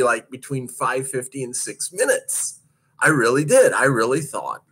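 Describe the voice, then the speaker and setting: Animated husky-voiced man telling a story. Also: medium pitch, moderate pace. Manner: animated, laughing, swearing freely. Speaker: roller derby skater recounting practice. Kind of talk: casual storytelling monologue.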